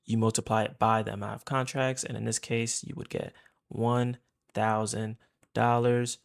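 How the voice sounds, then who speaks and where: A man's voice: on the low side, flat delivery, normal speed, vocal fry. A man teaching as a trading instructor in a casual screen-share tutorial, chatty and repeating his points while calling his viewers guys.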